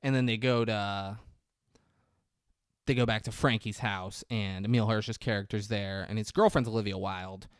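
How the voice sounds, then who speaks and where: A man's voice: on the low side, normal speed, clean tone, no echo, clean studio sound. A young man co-hosting a podcast, casually retelling a film scene by scene with lots of swearing and acted-out quotes. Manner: profane and animated, acting out quoted lines. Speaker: podcast co-host.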